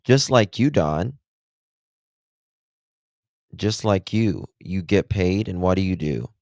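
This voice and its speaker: A male live-stream host with a very deep voice talks slowly and sarcastically, teasing the man in the recording. His voice is close and dry. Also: expressive, darkish tone, no echo. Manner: sarcastic, taunting. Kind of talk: mocking live commentary.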